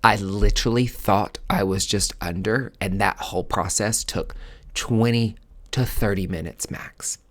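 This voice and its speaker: A man with a fairly low voice hosts a podcast and tells a personal story off the cuff. He rambles through fillers and restarts, then leaps up in pitch when he acts out what people said. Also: a little slow, fairly bright tone. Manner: acts out quoted dialogue with sudden high outbursts. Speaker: podcast host. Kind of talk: casual storytelling.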